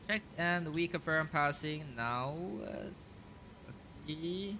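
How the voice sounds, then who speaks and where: A man with a slightly high voice and lively intonation gives casual commentary on a simulated airliner flight at a measured pace. As a flight sim streamer, he calls out checklist items and thinks aloud with many fillers. The background is noisy.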